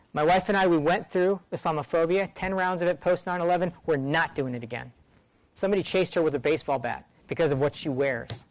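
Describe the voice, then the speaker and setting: A man's voice: sits high, no echo, poor audio. A middle-aged man, a rural doctor, speaking earnestly to a student audience, often repeating words for emphasis.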